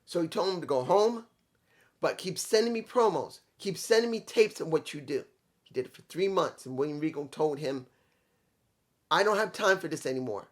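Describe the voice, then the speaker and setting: A man's voice: on the high side, expressive, moderate pace. A man reviewing a wrestling show in a casual, rambling way, with some swearing and restarts.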